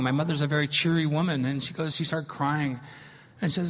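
A man in his fifties giving an animated, emphatic public science lecture in a large hall. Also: fairly high pitch, fairly quick. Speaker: lecturer on fungi. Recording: long reverb of a lecture hall.

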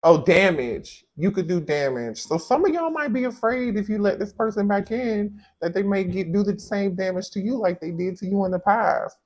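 Animated man reading tarot cards. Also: sits high, normal speed, few pauses. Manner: animated, exclaiming, talks straight to viewers as y'all. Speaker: tarot reader. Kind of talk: casual tarot reading to viewers.

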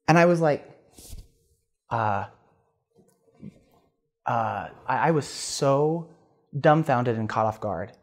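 A podcast guest in his thirties talks slowly through a personal story, leaving long pauses. His mid-range voice sounds earnest and animated, and he restarts now and then.

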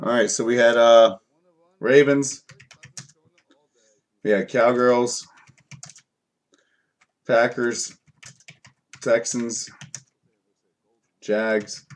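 A man's voice: medium pitch, steady tone, extremely slow, pauses often. Male card break host; frustrated, profane, mutters card names between complaints. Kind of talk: live card break commentary.

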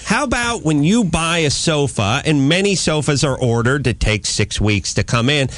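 Animated sarcastic male radio host. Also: fairly high pitch, moderate pace, no echo. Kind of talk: comic radio talk show rant. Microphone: studio microphone.

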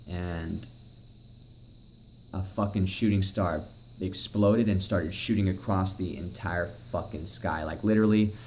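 A man's voice: low-pitched, a little hiss or hum, low-quality recording. A young man recounting a personal story in a rambling, emotional way, swearing often. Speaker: vlogger.

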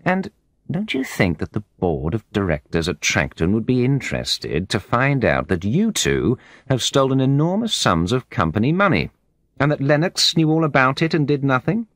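A man's voice: medium pitch, huge pitch swings, normal speed, a bit bright, no echo, studio quality, pitched above the performer's own voice. A man voicing a defiant former manager in an audiobook, speaking confidently with a raised, pressing voice. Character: defiant foreign ex-manager, confronting his enemies.

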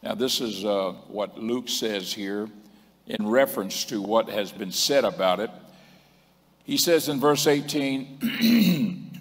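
A man with a fairly low voice preaches in a church, and his words ring out with a long hall reverb. He reads scripture slowly, stretching and stressing key words. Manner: slow emphatic scripture reading, rising in force. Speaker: bishop preaching. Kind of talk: sermon. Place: church sanctuary.

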